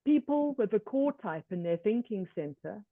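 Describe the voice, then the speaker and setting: A woman presenting a workshop lecture in a measured way, often slipping into first-person examples. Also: medium pitch, expressive, no room sound. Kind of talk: online lecture. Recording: tinny dry call audio.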